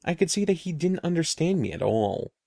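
A man reading a children's story aloud in an expressive, animated way. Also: on the high side, a little fast, gravelly, no room sound, clean studio sound. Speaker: narrator.

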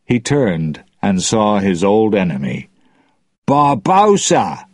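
Man reading a story aloud, slow, lively pitch, husky, dry recording. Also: dry recording. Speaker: narrator.

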